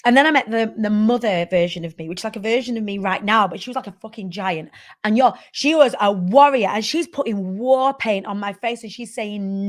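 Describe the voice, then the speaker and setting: A woman, hosting her own show and candidly telling a personal story, animated, full of "like" and "right?" and casual swearing. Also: mid-range voice, fairly quick. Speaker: host.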